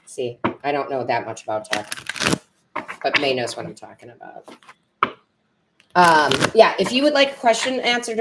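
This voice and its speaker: A woman's voice: sits low, background noise. A woman tarot reader and medium chatting with viewers on a live stream, rambling and correcting herself, teary and emotional.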